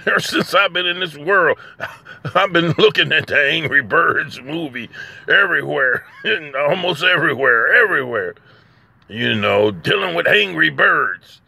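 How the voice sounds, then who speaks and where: A man rambles through a comedic monologue, breaking into chuckles between phrases. His voice is gravelly and bright, with a lively pitch that swings up and down. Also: measured pace. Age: 60s. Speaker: poet and comedy vlogger.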